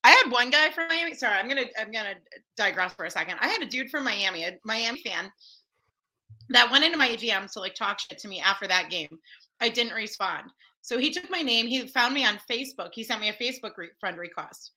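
A woman guest telling a story in casual chat, animated and full of fillers. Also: a little high, a little fast, rough recording. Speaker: podcast guest.

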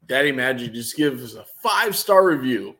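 A man's voice: mid-range voice, sing-song, moderate pace, bright, forceful tone. Blunt, swearing podcast co-host man. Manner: blunt, swears casually, opinionated. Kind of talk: casual chat about wrestling.

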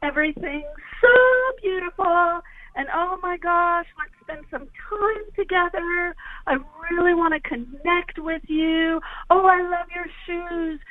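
A woman's voice: extremely high pitch, fairly even intonation, a little slow, no room sound, pitched above the performer's own voice. A woman on a phone line putting on an effusive, sing-songy, overly sweet woman. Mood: gushing.

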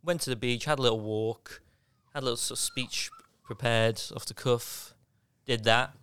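A man's voice: medium pitch, steady tone, normal speed, a bit bright, smooth, dry recording. A British man co-hosting a podcast, telling a rambling anecdote with self-mocking asides. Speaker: podcast co-host. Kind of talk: casual storytelling chat. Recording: dry close-miked studio sound.

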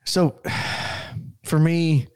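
A man in his thirties co-hosting a casual sports podcast, upbeat and rambling, quick to laugh. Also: fairly high pitch, fairly even intonation, darkish tone, smooth, dry recording. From Hispanic background. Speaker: podcast co-host.

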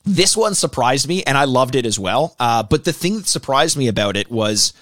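A man co-hosting a podcast in casual chat, swearing freely and stumbling over repeated words when he gets excited. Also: mid-range voice, moderate pace, dry recording, studio quality. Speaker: podcast co-host.

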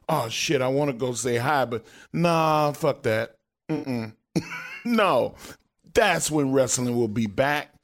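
A man, co-host and former wrestler, talking in casual podcast chat, fired up, blunt and swearing often. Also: a little high.

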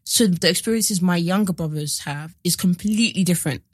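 A woman's voice: fairly quick, no echo. Woman in her twenties, podcast co-host, casual chat, storytelling, dry close sound. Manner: animated storytelling, acts out quoted voices with big pitch jumps.

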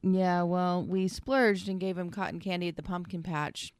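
A woman's voice: lowish voice, steady tone, normal speed, smooth, dry recording. A woman co-hosting a podcast in casual chat, amused and agreeable and laughing easily. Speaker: podcast co-host.

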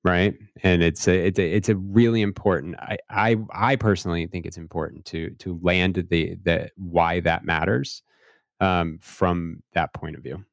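A male podcast host talking in a reflective way, restarting phrases and slowing down to stress his points. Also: low-pitched, fairly even intonation, gravelly, dry recording, clean studio sound. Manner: reflective, searching for words, repeats himself, slows down to stress points. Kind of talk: casual podcast conversation.

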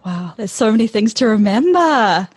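A woman's voice: fairly high pitch, big pitch swings, normal speed, breathy edge, dry recording. A woman hosting a podcast interview, attentive and encouraging, asking questions and giving short affirmations. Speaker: podcast host.

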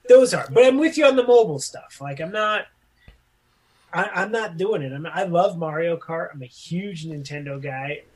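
A man co-hosting a casual podcast chat. His voice sits a little high for a man. He talks loosely and jokes a lot. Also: lively intonation, normal speed, breathy edge. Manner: jokey, riffs into goofy voices. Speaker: podcast co-host.

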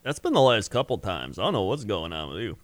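Casting: teasing, laid-back guy, animated delivery, dry close mic. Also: fairly low pitch, fast talker, dry recording. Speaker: podcast co-host. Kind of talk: casual chat.

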